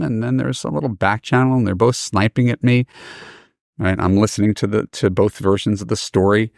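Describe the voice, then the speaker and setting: A middle-aged man hosting a podcast, telling stories and giving advice in a lively, casual way and acting out the people he quotes. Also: fairly low pitch, normal speed, vocal fry, no echo, studio quality. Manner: animated, acts out quoted voices. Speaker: podcast host and dating coach. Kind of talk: casual storytelling advice talk.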